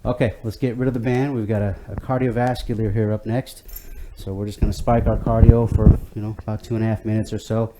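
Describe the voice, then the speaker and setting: A fitness instructor leads a home workout class in a relaxed, chatty manner, full of fillers and restarts. His voice sits on the low side with little pitch movement and a warm tone, and he talks fairly quickly with hardly any pauses. There's a slight hiss or hum in the audio.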